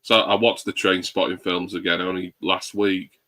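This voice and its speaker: A man's voice: sits low, flat delivery, moderate pace, sharp tone, dry recording. A man chatting casually on a livestream panel, easygoing, with stammered restarts. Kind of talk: casual chat.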